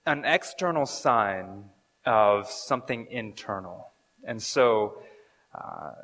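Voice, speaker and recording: A man's voice: lowish voice, a bit bright. A man giving a casual, conversational sermon, joking and stumbling over fillers and restarts as he explains scripture. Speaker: pastor. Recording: long hall reverb.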